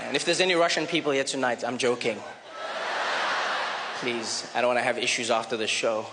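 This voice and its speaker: A man doing a stand-up comedy routine on a theater stage, animated and storytelling, with jumps in pitch for emphasis. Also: brisk, over a noisy crowd. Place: theater stage, live audience. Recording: reverberant live theater with audience noise.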